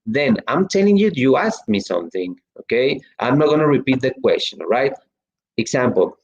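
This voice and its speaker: English teacher guy, rambly and chatty, lots of um and well, middle pitch, kinda muffled audio. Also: sing-song, normal speed, darkish tone. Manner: chatty, lots of fillers and restarts. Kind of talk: online class, reading student chat.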